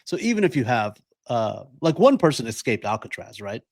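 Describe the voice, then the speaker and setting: A man chatting on a podcast in a middle-pitched voice, joking and laughing between points. The sound is dry and close, with no room around it. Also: very animated, creaky, darkish tone, no room sound. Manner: joking, laughs a lot, acts out quick quoted voices. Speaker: podcast co-host. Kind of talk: casual podcast chat.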